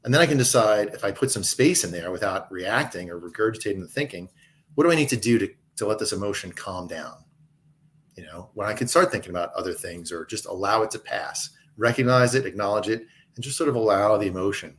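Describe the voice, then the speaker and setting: A man talking calmly and reflectively about handling emotions, as a guest in a conversational interview from home. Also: on the low side, fast talker. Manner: calm, reflective, coaching tone.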